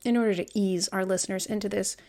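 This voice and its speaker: A fast-talking Vermont woman in her thirties co-hosts a podcast in a steady, dark-toned, medium-pitched voice. She rambles casually, swears freely and puts strong emphasis on her words.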